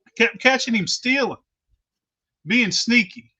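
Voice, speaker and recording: Male storyteller, high and bright-edged, profane and unpolished, muffled lo-fi sound. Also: a little slow. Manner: blunt, heavy cursing, rambling restarts. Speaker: storyteller on a talk stream. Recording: dull lo-fi recording.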